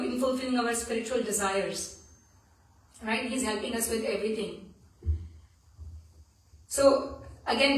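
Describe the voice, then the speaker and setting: This temple speaker, a woman with a fairly high and somewhat bright voice, leads a devotional scripture class in the temple hall. She narrates stories earnestly, frequently beginning again. The recording is distant and echoey.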